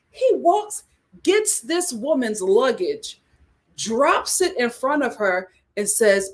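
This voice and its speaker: Sassy, animated woman reviewer. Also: high-pitched, unhurried. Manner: sassy, animated, laughs often. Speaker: reality TV reviewer. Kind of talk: casual show recap.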